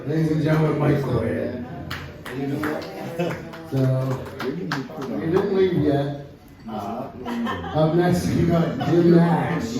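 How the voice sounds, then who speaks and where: Slow-talking emcee at a comedy night. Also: male voice, on the high side. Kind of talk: introducing comedians. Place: brewery taproom. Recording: echoey room, far mic, crowd noise.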